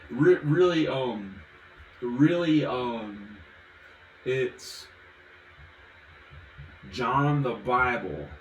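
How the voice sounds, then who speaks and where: Slow, rambling man from the South, roomy echo. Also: mid-range voice, lively intonation, dull audio, slight background noise. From American South. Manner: rambling, giggly, drifts between topics. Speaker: vlogger. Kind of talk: casual rambling vlog while drinking.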